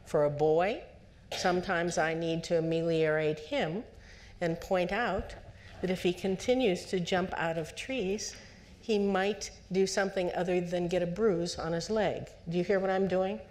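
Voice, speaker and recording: A woman psychologist giving a lecture to parents at a conference, lively and conversational, putting on the voices of parents and children and asking the audience questions. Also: fairly low pitch, a little slow. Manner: asks the audience direct questions.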